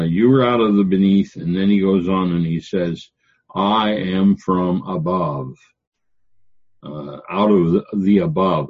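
An older man teaching a Bible lecture, pausing often on fillers as he explains word meanings. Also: deep voice, slightly rough. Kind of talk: classroom theology lecture. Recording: dull lo-fi lecture recording.

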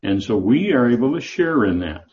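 A man's voice: medium pitch, sing-song, normal speed, darkish tone, lo-fi sound. A man teaching a Bible class, talking in a loose, discursive way with many fillers and restarts.

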